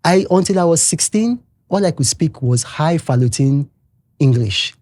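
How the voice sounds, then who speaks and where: Animated older Nigerian man, mellow voice. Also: fairly high pitch, normal speed. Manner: animated, emphatic, repeats his points. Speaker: podcast guest. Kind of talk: casual podcast chat.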